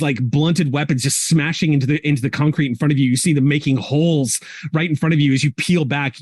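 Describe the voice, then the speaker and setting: A man running a tabletop game as game master, describing the action vividly and pausing often with "um". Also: mid-range voice, a little mellow, dry recording. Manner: vivid descriptive narration with frequent ums.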